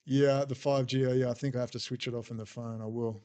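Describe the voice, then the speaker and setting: A man's voice: medium pitch, fairly even intonation, quick pace, dark tone, clear, resonant tone. A man hosting a casual livestream, rambling and bluntly answering chat messages as he goes. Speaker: livestream host reading chat.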